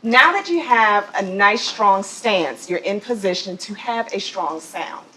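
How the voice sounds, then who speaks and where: A woman's voice: medium pitch, animated, a little slow, pushed and bright, slight background noise, poor audio. A woman leading a corporate training session on voice, speaking to a group, asking questions and laughing now and then. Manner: coaching, asks the group questions, laughs often. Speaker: voice and presence trainer. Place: office training room.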